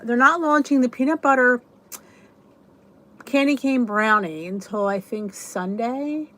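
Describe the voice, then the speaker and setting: A woman's voice: on the high side, a little slow, fairly bright tone. Chatty woman greeting live viewers. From United States. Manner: chatty, greets viewers by name, rambling asides. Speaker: livestream host. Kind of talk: casual chat with live viewers.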